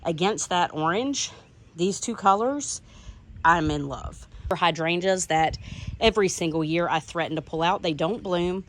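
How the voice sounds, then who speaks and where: A middle-aged woman with a Southern US accent talks her way around her garden outdoors, gushing over each bloom in a chatty, enthusiastic way. Her voice sits a little low. A faint hum of outdoor ambience stays behind her. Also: moderate pace. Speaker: garden vlogger. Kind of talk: casual garden tour narration.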